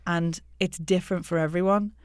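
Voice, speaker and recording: A woman accent coach from the UK, explaining in a measured way on a podcast. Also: fairly low pitch, steady tone, clear, resonant tone, no echo, clean studio sound. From United Kingdom. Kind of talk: explanatory interview talk.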